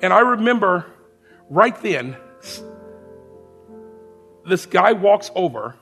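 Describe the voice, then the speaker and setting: A man preaching a testimony as a lively story, speaking to the congregation as friends. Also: sits high, slow pace, faint music behind. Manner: animated storyteller, shouts the sergeant's lines. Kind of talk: sermon storytelling.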